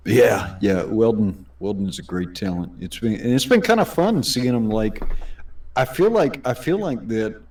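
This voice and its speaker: A man's voice: lowish voice, expressive, normal speed, darkish tone, distant mic. A man co-hosting a casual stream, enthusiastic and promotional, often restarting his sentences. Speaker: stream co-host reading chat.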